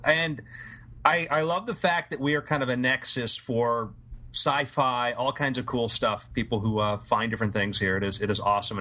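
A man's voice: medium pitch, sharp tone. A man co-hosting a casual comedy podcast, riffing and joking with his friends. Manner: jokey, riffing, breaks into silly voices. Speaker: podcast co-host.

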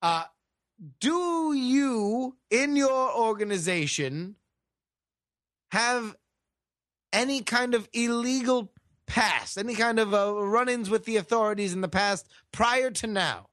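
Guy putting on a stuffy british detective, way high voice, bright and sharp, lots of uh's. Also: lively intonation, no room sound, studio quality, heavily acted. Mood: pompous. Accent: put-on British. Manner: formal, long-winded, halting with many "uh"s. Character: pompous British male detective, the Weasel. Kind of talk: improvised comedy role-play.

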